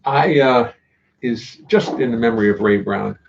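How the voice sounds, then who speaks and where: Gravelly older man, wry rambling chat. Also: medium pitch, moderate pace, lo-fi sound, loud music behind the voice. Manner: wry, joking, meandering. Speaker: musician hosting a live stream.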